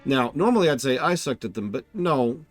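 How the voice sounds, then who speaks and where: A man giving casual, animated live-stream commentary while reviewing a game, laughing and joking at his own mishaps. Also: mid-range voice, brisk, soft background music. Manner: animated, laughing, self-mocking.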